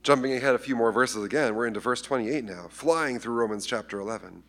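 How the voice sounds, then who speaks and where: A man's voice: mid-range voice, quick pace, a bit bright. A man preaching a conversational sermon, acting out scripture voices with humor. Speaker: pastor.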